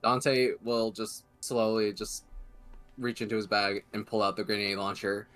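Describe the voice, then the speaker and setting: Low voiced guy at a tabletop game, laid back, slow asides. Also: level tone, a bit bright, soft background music. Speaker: player. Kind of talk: casual tabletop play.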